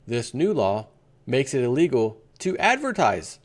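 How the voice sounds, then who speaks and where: A man hosts an opinion vlog and rants indignantly. He talks in a rambling way, and his voice sits at an ordinary middle pitch. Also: sing-song, measured pace. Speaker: vlogger host.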